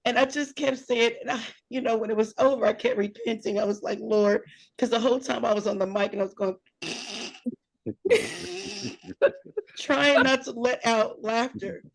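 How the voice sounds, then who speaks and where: Laughing, animated woman telling a story. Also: fairly high pitch, a little fast, creaky. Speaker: podcast co-host. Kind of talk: casual storytelling.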